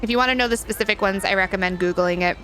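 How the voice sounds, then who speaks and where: A woman's voice: mid-range voice, very fast, fairly bright tone, faint music behind. A woman live-streaming a video game in casual chat, reading and answering her viewers and giggling often.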